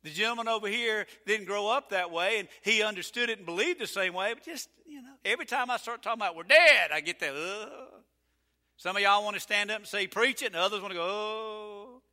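A male pastor preaching a folksy, emphatic sermon, building to loud, drawn-out peaks. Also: sits high. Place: church sanctuary. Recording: reverberant church sanctuary.

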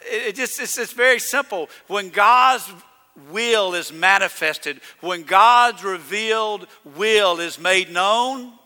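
A man preaching a sermon as pastor, emphatic, rising to loud declarations. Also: high-pitched, slow. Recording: reverberant church hall.

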